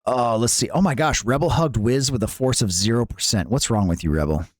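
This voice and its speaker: A man's voice: medium pitch, expressive, a little fast, no echo, studio quality. Playful man chatting on a live stream. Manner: playful, jokey, laughs often, reads and answers chat. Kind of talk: casual live-stream chat with viewers.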